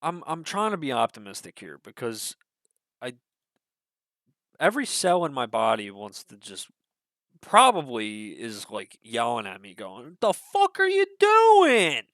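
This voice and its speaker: A man's voice: mid-range voice, a little slow, pauses often, dry recording, clean studio sound. A young man reacting to a trailer in casual commentary, rambling and swearing with many fillers, his nose stuffy. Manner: rambling, swears a lot, hesitant with many fillers, swings to excited bursts. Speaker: video creator reacting to a trailer.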